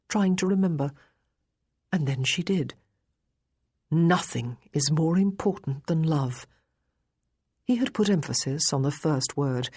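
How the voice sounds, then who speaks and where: A woman narrating a period romance novel in a measured, even storytelling manner. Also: low voice, slightly rough. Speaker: audiobook narrator.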